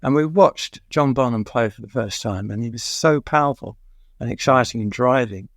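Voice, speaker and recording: Gravelly older English storyteller. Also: male voice, medium pitch, normal speed, fairly bright tone, dry recording, studio quality. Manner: rambling, many "uh" fillers, chuckles at his own stories. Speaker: music journalist guest. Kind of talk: anecdotal interview storytelling.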